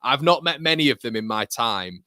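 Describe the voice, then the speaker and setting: A young man, hosting a live football watchalong and chatting to viewers in an animated storytelling way. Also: mid-range voice, moderate pace, clear, resonant tone, dry recording, studio quality. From Leeds. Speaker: watchalong host. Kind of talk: casual live stream chat.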